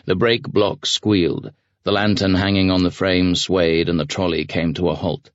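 A man narrating an audiobook in a measured, even reading voice, recorded close in a studio. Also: low voice, no echo. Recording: dry, slightly dull studio recording.

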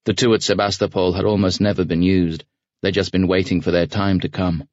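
A man narrating an audiobook in a measured, even reading voice, recorded close in a studio. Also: low voice, dry recording. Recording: dry, slightly dull studio recording.

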